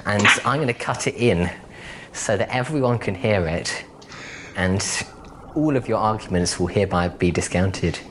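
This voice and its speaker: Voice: low-pitched, normal speed, noisy background. Teasing podcast co-host. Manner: teasing, argumentative. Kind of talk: casual comedic banter.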